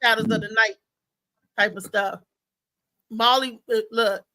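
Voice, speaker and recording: On a live talk show, the female host chats casually and tells meandering stories, laughing a lot as she goes. Her voice leans high and her pace is measured, with an animated, rambling storytelling manner.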